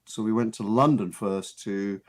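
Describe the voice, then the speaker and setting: On a radio studio mic, a male interview guest who is both actor and author recounts amused anecdotes at a moderate pace in a voice on the low side. His casual storytelling wanders, full of restarts and repeated words.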